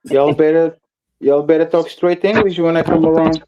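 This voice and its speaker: A man's voice: on the high side, fairly even intonation, normal speed, muffled recording. A man with a Portuguese accent hosting a casual chat show, blunt and teasing with mock outrage. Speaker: show host. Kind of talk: casual banter.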